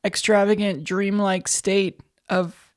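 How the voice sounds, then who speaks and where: A woman's voice: mid-range voice, level tone, slow, darkish tone. A woman co-hosting a casual podcast chat, joking and self-mocking. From United States. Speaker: podcast co-host.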